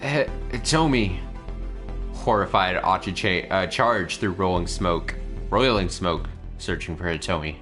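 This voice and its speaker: A man's voice: low voice, unhurried, sharp tone, soft background music. A man reading a visual novel aloud on stream, breaking off to laugh and comment. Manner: reads the story text, breaks off to laugh and comment. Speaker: let's play streamer.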